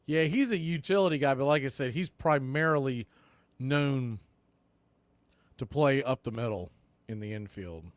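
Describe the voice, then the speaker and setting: A man doing casual live baseball play-by-play on a watch-party stream, chatting between pitches and often repeating words as he explains. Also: moderate pace, long pauses, no room sound. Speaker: play-by-play announcer.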